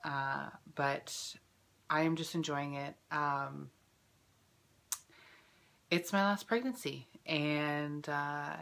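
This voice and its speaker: A young woman in her twenties vlogging casually, chatty and full of fillers, emotional at times, clearing her throat from a lingering cough. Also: low voice, extremely slow, pauses often, a bit bright. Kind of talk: casual personal vlog.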